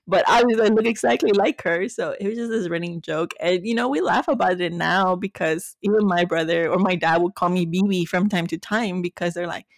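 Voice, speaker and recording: A woman's voice: medium pitch, a little fast, no room sound. A woman in her thirties co-hosting a podcast, telling stories animatedly with frequent laughter in a casual chat. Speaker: podcast co-host.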